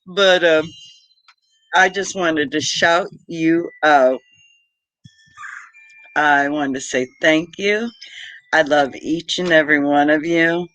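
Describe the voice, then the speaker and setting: A woman's voice: low voice, slow, fairly bright tone, no echo, low-quality recording. A woman, chatting casually and heartfeltly on a livestream as a homesteading channel host, greeting viewers by name. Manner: chatty, heartfelt, reads viewer comments aloud.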